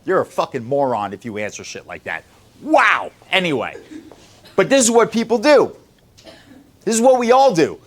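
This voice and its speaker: A man's voice: big pitch swings, moderate pace. A man who runs a sales company, lecturing his staff in a blunt, profane motivational talk. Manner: blunt, profane, lecturing, swings between loud and low.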